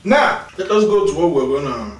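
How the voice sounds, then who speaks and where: A tired man teaching vocabulary in a casual video lesson, repeating each word slowly for pronunciation and chatting between drills. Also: a little high, big pitch swings, far from the mic, slight background noise. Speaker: language teacher. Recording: echoey room, mic set back.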